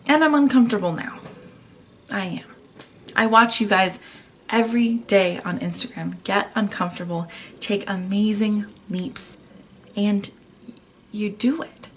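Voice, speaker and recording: A woman's voice: mid-range voice, a bit bright. Chatty woman podcast host. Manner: candid, chatty and playful, with mild swearing. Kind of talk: casual motivational monologue.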